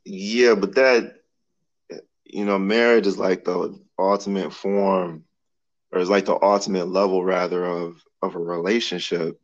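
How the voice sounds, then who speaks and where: Brief: young man, very low voice, blunt casual co-host, slightly dull recording. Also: fairly even intonation, a little slow. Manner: blunt, frank opinions with short backchannels. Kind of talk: casual chat.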